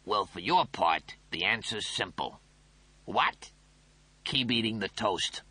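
Chatty know-it-all toaster, coy and teasing, husky edge; a man reads it. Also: on the low side, lively intonation, slow pace, pushed and bright, dry recording, exaggerated voice. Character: smug chatty male talking toaster.

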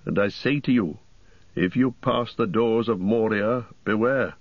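A man's voice: lowish voice, measured pace, dry recording, highs cut off. A man reading the part of a weary, seasoned ranger in an audiobook, heavy and earnest.

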